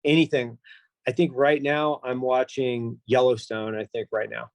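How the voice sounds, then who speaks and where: A middle-aged man, a guest on a podcast, answering questions briefly in a relaxed way. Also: mid-range voice, unhurried, vocal fry, no echo. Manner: short, laid-back answers. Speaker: guest, company founder. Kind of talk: casual interview answers.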